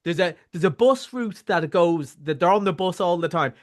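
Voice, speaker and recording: A man's voice: high-pitched, lively intonation, normal speed. An Irish man chatting casually as a film reviewer, rambling with many restarts. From Ireland. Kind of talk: casual chat.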